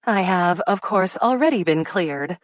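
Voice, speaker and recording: A woman's voice: on the low side, lively intonation, a little slow, no room sound, clean studio sound, pitched above the performer's own voice. A woman voicing a sardonic, theatrical young female amateur detective in an audiobook. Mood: arch. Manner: arch and sardonic, with put-on fainting.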